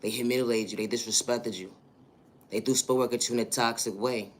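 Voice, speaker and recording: A man's voice: mid-range voice, steady tone, a little fast. A man hosting a livestream and speaking a motivational monologue, with affirming lines and repeated catchphrases. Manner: repetitive, affirming, rhythmic catchphrases. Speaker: livestream host.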